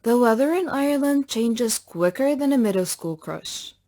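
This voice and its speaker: A woman narrating a first-person story in a calm, reflective way. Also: on the high side, moderate pace.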